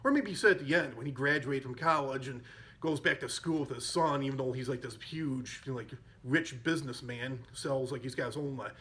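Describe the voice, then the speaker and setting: Brisk and fairly bright, the medium-pitched voice belongs to a podcast host casually walking through a comedy movie. He fills the retelling with fillers and repeatedly corrects himself.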